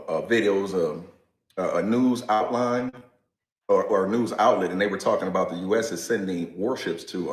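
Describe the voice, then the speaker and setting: A man's voice: a little high, roomy sound. A man ranting bluntly and casually, swearing as he builds his point. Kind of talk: casual rant. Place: garage.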